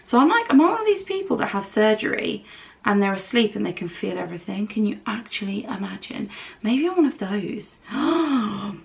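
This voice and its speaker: Chatty British woman with a gravelly edge. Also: mid-range voice, big pitch swings, brisk. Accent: British English. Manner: chatty, candid, rambling storytelling. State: recovering from a dental procedure. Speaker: beauty vlogger. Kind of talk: casual chat while doing makeup.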